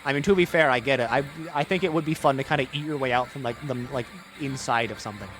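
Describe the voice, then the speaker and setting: A man streaming a video game, reading its text aloud in a low mutter and breaking into rambling, jokey asides full of "like". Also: quick pace. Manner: jokey, irreverent, swears.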